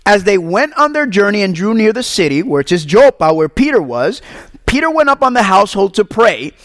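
A man from Puerto Rico preaching a sermon as pastor, animated and asking the congregation questions. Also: sits high, brisk, no echo.

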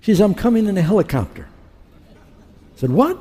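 A man's voice: high-pitched, animated, moderate pace, pauses often, dark tone, breathy edge. A middle-aged man preaching a sermon, telling his conversion story and acting out his past dialogue. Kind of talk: sermon testimony. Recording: long hall reverb.

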